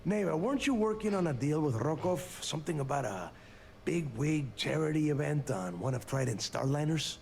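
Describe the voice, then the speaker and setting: Gravelly pirate boss. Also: male voice, on the high side, animated, normal speed, darkish tone. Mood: scheming. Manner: curt, bossy orders. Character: commanding male pirate boss, gruff and impatient. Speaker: game character. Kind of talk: video game voice acting.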